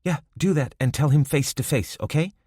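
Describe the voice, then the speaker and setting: A man's voice: on the high side, normal speed, warm tone, slightly rough, dry recording, studio quality, voice pushed up. A man voicing a blunt, impatient female police detective in an audiobook, questioning firmly. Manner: firm, clipped questioning. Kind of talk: audiobook character voice.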